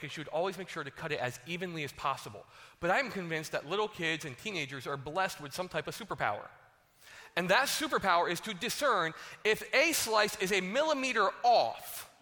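A male pastor delivers a casual sermon in a loose, conversational way, peppered with "like" and "right?". His voice is bright and sits a little high for a man. A long hall reverb follows every line. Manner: conversational, heavy use of "like" and "right?".

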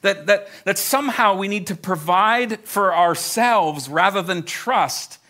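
A man's voice: sits high, measured pace, bright, forceful tone. A man preaching a sermon to a live congregation. He talks in a conversational way, speaks to them directly and often repeats words as he starts a thought. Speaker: pastor.

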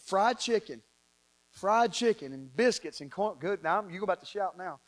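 A Southern American man preaching a sermon with a high, ringing voice. He reads scripture aloud and jokes with his congregation, swinging between loud bursts and soft asides. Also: lively intonation, moderate pace. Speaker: pastor.

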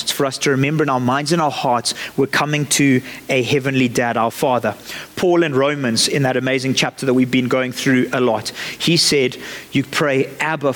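A man's voice: mid-range voice, a bit bright, big-room sound. A man preaching a sermon in a church, conversational and lightly joking as he talks the congregation through his points.

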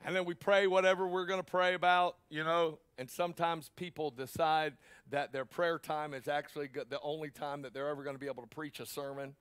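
A male pastor, preaching a sermon with passion that swells into shouts, broken up by joking asides. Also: a little high, flat delivery, brisk, few pauses, smooth, dry recording. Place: church.

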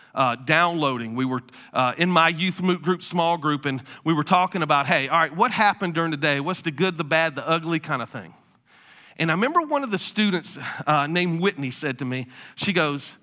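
Male pastor, sermon, conversational storyteller, bright tone. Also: on the high side. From South Carolina. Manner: conversational storytelling preacher, casual fillers.

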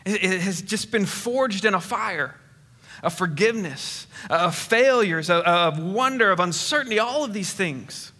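A middle-aged man preaches in a church hall, his voice high and bright for a man and ringing with long reverb. He talks earnestly and conversationally, often restarting his phrases. The sermon has a warm, storytelling feel. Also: expressive, a little slow. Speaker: pastor. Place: church sanctuary.

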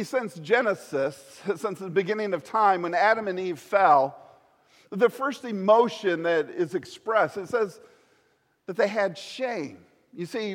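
A man preaching a sermon as a pastor, swinging from loud pleading to hushed storytelling. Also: sits high, long reverb tail.

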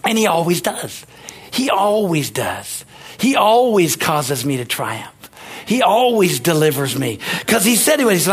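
Husky, high-voiced folksy preacher man. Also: unhurried. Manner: folksy, animated preaching with sudden rises in pitch. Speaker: pastor. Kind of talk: sermon.

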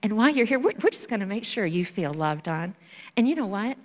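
A woman missionary sharing stories in a church talk, animated and acting out children's voices. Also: medium pitch, a little fast. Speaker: missionary speaker. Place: church sanctuary. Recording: reverberant church hall.

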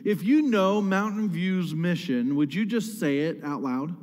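A man's voice: sits high, animated, measured pace, a little mellow, long reverb tail. A man preaching a sermon as pastor, emphatic, repeating key words and putting questions to the congregation.

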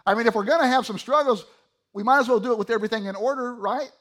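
A high-pitched middle-aged man preaching from the pulpit. His delivery is animated, jumping from loud emphasis to murmured asides as he reads and explains scripture. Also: quick pace. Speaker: pastor. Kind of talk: sermon.

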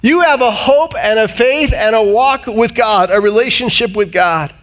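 A man preaching a sermon as pastor, swinging between loud emphatic peaks and low, quiet passages. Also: moderate pace.

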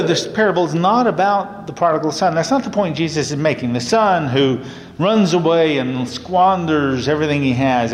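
Guy preaching a sermon, casual and earnest, mid pitch voice, long echo like a big church. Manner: earnest, conversational preaching with laughs. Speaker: minister. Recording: long hall reverb.

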